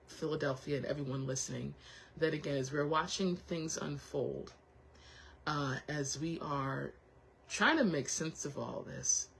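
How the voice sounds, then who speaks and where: A woman's voice: low voice, creaky, a little hiss or hum, low-quality recording. A woman hosting a casual motivational chat, encouraging and heartfelt, who thinks aloud with frequent restarts and repeats her reassurances. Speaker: host.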